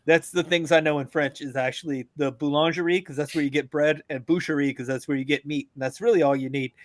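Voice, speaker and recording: A veteran calling in to a podcast, talking casually in an animated, joking, profane rant. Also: male voice, fairly high pitch, quick pace, no room sound, clean studio sound. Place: abroad, remote from the hosts.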